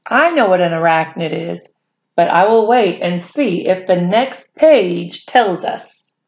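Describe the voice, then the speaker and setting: A woman hosting storytime, reading a picture book aloud and turning to the kids to explain. Her pitch swings widely, while her pace stays unhurried. She keeps a gentle, teacherly manner. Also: lively intonation, roomy sound, lo-fi sound. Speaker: children's book reader. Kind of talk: read-aloud storytime for children.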